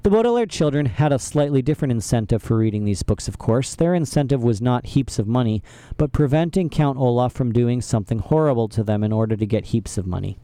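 A man reads a children's novel aloud in a wry, expressive way. His voice has a warm, mellow tone. The recording is dry and close to the mic. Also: medium pitch, brisk, no echo. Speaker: reader. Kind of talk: reading a children's book aloud.

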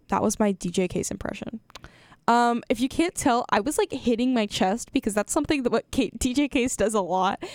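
A woman's voice: on the high side, moderate pace, no echo. A young woman hosting a college radio show, chatty and giggly, correcting herself as she goes. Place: radio studio.

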